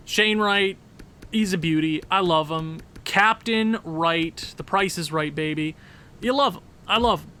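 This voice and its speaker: A man giving casual, rambling commentary on a hockey video game, excitable and often correcting himself. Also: high voice. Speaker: gaming commentator.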